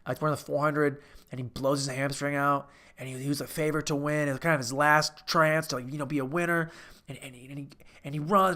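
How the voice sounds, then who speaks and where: A man's voice: a little high, a little fast. Guy rambling through a funny movie breakdown, keeps going off on tangents and getting all worked up. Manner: rambling, goes off on tangents, bursts of excitement. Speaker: host. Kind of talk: comedic rambling movie recap.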